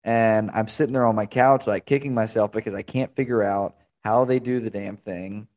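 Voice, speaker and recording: A man's voice: lowish voice, steady tone, normal speed, a little mellow. A young man hosting a podcast interview, chatting casually and rambling through stories. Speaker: podcast host.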